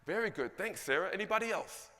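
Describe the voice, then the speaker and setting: A man giving an energetic conference keynote, asking the audience questions. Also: sits high, fast talker, long reverb tail. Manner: animated, asks the audience questions. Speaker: keynote speaker. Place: large conference hall.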